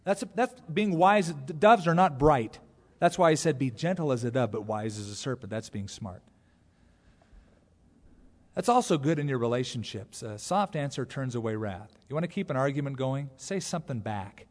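A man preaching a sermon, animated, acting out quotes in other voices as he goes. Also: mid-range voice, moderate pace. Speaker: pastor. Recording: long hall reverb.

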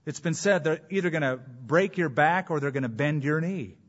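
A male pastor with a husky, fairly high voice preaches with emphasis, slowing down and repeating key phrases for weight. The recording sounds a little dull and muffled. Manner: emphatic preaching with dramatic pauses and repetition. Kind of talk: sermon.

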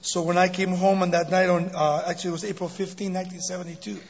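A man in his sixties preaching as a guest speaker, telling a joke and then his life story, animated and laughing often. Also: sits high, fast talker, vocal fry. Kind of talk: sermon with jokes and testimony. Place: church sanctuary. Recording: dull recording in a big reverberant hall.

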